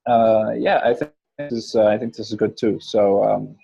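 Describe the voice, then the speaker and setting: Gravelly, mellow-voiced man leading a meeting. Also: fairly low pitch, normal speed, no room sound, lo-fi sound, soft background music. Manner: hesitant, many fillers and hums. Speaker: meeting facilitator. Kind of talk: casual meeting talk.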